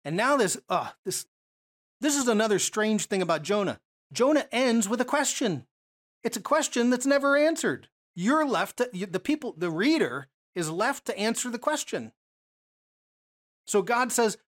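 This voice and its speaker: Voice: mid-range voice, very animated, normal speed. A preacher works through a Bible passage in an easygoing, conversational sermon. The delivery is full of rhetorical questions and mid-sentence restarts.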